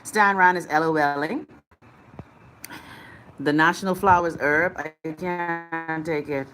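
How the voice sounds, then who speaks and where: A woman's voice: sits low, steady tone, takes it slowly, long pauses, fairly bright tone, soft background music. A woman with a Bahamian accent hosting a live chat show, reading out viewer comments in a sassy, blunt, swearing way.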